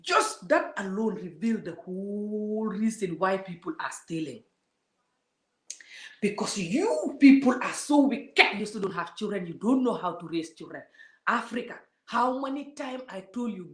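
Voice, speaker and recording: A woman's voice: medium pitch, moderate pace. Woman vlogging, gets heated and scolds her viewers, sounds kinda echoey. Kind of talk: casual vlog rant to viewers. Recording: roomy echo.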